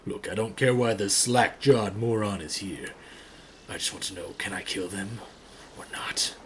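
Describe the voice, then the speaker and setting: A man voicing a gruff, impatient male killer in a dating game, growling out contemptuous insults. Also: fairly low pitch, normal speed, a bit bright, slight background noise, pitched below the performer's own voice, close to an everyday voice.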